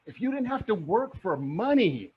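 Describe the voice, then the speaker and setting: A middle-aged man teaching to camera as a coach, energetic and rallying, firing questions at his audience. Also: high-pitched, normal speed, slightly rough. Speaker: real estate coach. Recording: dull lo-fi recording.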